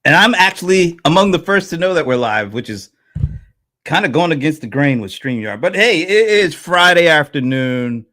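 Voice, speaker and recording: A man hosting a live-stream panel chat, animated and playful, teasing his co-hosts. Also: a little high, normal speed. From East Coast of the United States. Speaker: host.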